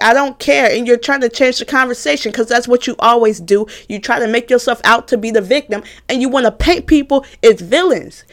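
A woman in her twenties, a college student telling a heated storytime, swearing and ranting with mocking asides. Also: sits high. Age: 20s. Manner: animated, profane, heated, mocking voices of others.

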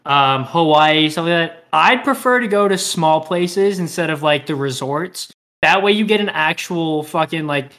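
A man's voice: a little high, sharp tone. A young man co-hosting a podcast, chatting casually in a rambling, profane way and laughing often. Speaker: podcast co-host. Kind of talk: casual chat.

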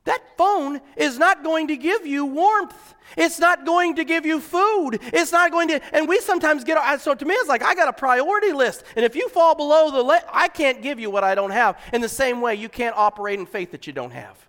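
A pastor preaching a conversational sermon that builds to fervent, emphatic exclamations. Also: male voice, very high-pitched, lively intonation, fairly quick, fairly bright tone, long reverb tail.

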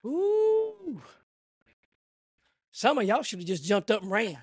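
A man preaching a revival sermon at a church service, swinging from hushed asides to shouted, rhythmic repetition. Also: high-pitched, wildly swooping pitch, slow pace, long pauses, husky, dry recording, clean studio sound. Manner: rhythmic repetition, rising cadence.

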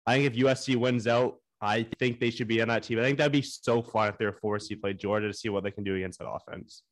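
A man's voice: lowish voice, steady tone, quick pace. A young man co-hosting a sports podcast, chatting casually in enthusiastic, opinionated bursts about college football. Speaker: podcast co-host.

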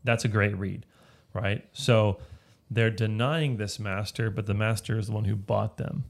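Low gravelly man teaching Bible study. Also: level tone, unhurried. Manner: explanatory, checks in with frequent "right?".

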